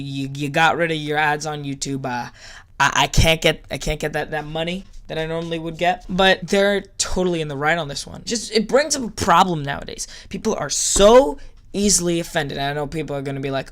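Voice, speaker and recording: A man giving casual reaction commentary in a sarcastic, mock-enthusiastic ranting way. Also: sits high. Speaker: YouTube commentator.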